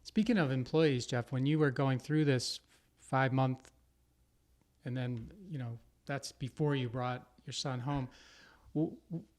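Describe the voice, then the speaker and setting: A man's voice: medium pitch, a little slow, darkish tone. A man hosting a podcast, asking clarifying questions and giving short affirmations. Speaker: podcast host. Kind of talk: casual interview talk.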